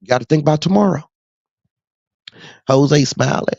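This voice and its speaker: Animated trucker man, lively pitch. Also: normal speed, dry recording. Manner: animated, street slang, frequent laughs. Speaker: truck driver. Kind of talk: casual rant to camera. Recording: dull dry lo-fi sound.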